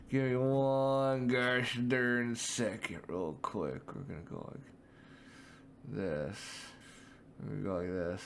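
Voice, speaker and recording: A man's voice: lowish voice, steady tone, measured pace, slight background noise. Laid-back young man, rambling commentary. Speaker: streamer reacting to animal clips. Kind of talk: casual reaction commentary.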